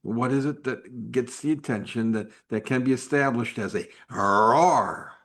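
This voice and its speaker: Male host, unscripted live faith talk, measured and slow, unpolished, frequent restarts and fillers. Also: mid-range voice, a bit bright. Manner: drops to a whisper at times.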